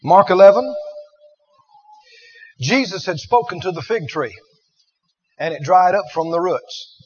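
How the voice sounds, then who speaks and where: A man's voice: high-pitched, measured pace, husky, muffled recording, faint music behind. A man preaching a sermon who questions the congregation and repeats lines for emphasis.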